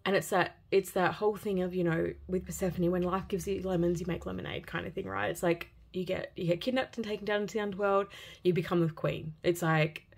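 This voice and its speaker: A woman giving an intuitive tarot reading for viewers, speaking in an earnest, gentle and heartfelt way and often repeating phrases. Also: fairly low pitch, fairly even intonation, fast talker, gravelly, husky. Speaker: tarot reader.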